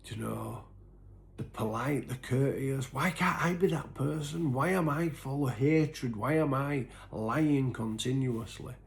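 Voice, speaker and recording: A man telling his own story in an earnest, halting way, full of restarts, and sometimes sinking to a near-whisper. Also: medium pitch. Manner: sinks to a soft, breathy near-whisper at painful moments. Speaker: recovery vlogger. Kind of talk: personal confessional storytelling.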